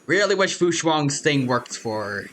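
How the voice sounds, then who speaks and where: A man's voice: a little high, big pitch swings, measured pace, a bit bright, slight background noise. A man streaming a turn-based game, casually talking himself through each move, with lots of fillers and restarts. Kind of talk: casual gameplay commentary. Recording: game music playing behind.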